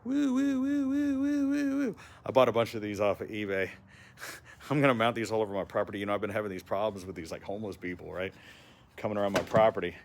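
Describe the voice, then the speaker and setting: A man vlogging casually as he walks through his trailer and workshop, chatty and excitable, laughing often. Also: on the low side, fast talker. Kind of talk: casual walk-around vlog.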